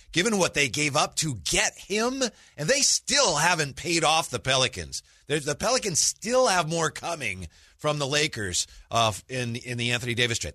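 A man co-hosting a podcast, talking sports in a measured way and weighing both sides of a question. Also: medium pitch, pushed and bright, no echo, clean studio sound. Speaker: podcast co-host. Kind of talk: casual sports talk.

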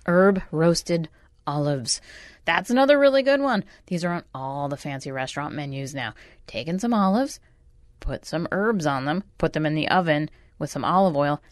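Radio host, woman, wry and chatty, lowish voice, dry studio sound. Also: expressive, normal speed, no room sound. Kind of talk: casual radio chat and recipe tips.

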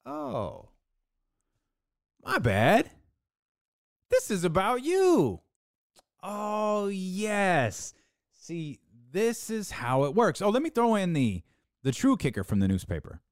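A podcast host giving an opinionated sports talk monologue, sarcastic, with mocking put-on quotes and dramatic pauses. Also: mid-range voice, wildly swooping pitch, dry recording, clean studio sound.

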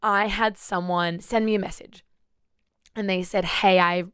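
A woman's voice: medium pitch, a little slow, clear, resonant tone, no room sound. Woman, faith podcast co-host, casual chat, laughs often, dry close sound. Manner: animated storytelling, laughs often.

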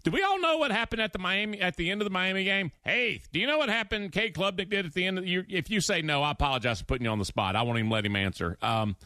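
A man's voice: high-pitched, rapid-fire, hardly any pauses, no room sound, clean studio sound. A man hosting a sports radio show, telling stories with emphasis and acting out quotes. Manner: animated storytelling, acts out quotes, emphatic. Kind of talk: opinionated sports talk monologue.

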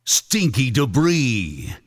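A man's voice in recorded radio sound drops, slow and punchy, with the pitch bouncing around for comic effect. It is a short, announcer-like delivery. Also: big pitch swings. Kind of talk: recorded comedic sound drop.

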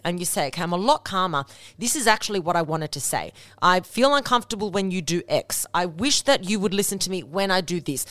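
A woman's voice: lowish voice, no room sound. A woman hosting a podcast, giving direct relationship advice in a coaching monologue. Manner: direct, coaching, lively with acted-out asides. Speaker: podcast host.

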